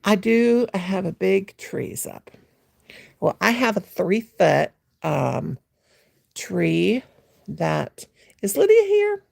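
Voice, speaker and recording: Gravelly, rambling woman chatting on a livestream. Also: on the low side, drawn-out words, a little mellow, dry recording, clean studio sound. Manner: rambling, chatty, talks to viewers by name; teasing, playful, mimics a gushing voice. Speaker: livestream host. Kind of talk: casual livestream chat. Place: home at night.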